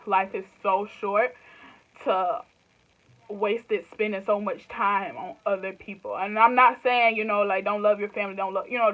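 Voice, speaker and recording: Speaking straight to camera, a twenty-something woman with a Southern US accent rambles loosely and laughs a lot in a casual YouTube chat. Her pitch is medium, and the audio sounds like it came through a phone.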